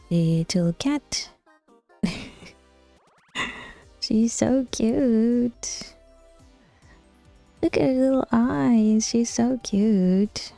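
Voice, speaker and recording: A Twitch streamer with a New Zealand accent chats casually with her viewers, teasing them bluntly and slipping into soft whispered asides. Her voice is medium-pitched and creaky, with no echo.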